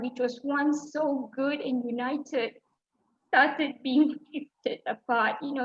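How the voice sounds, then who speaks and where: A middle-aged woman from Malaysia recounts her personal story in an emotional talk, hesitating often with ums and restarts. Her voice sits high, and the recording sounds dull and lo-fi. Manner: emotional, many fillers and restarts. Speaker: speaker.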